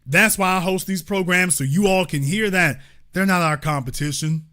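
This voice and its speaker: A man's voice: high-pitched, normal speed, pushed and bright. A man hosting a call-in show, talking emphatically and mockingly with preacher-like repetition. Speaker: host. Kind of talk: live call-in show commentary.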